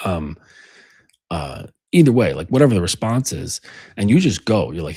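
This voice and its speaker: A deep-voiced man with a husky edge talks in a dry, close recording. His pitch swings widely as he rambles through dating advice. He is full of fillers and acts out what people say. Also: expressive, moderate pace, mellow, no echo. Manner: rambling, filler-heavy, acts out quoted lines. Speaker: dating coach. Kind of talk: casual monologue.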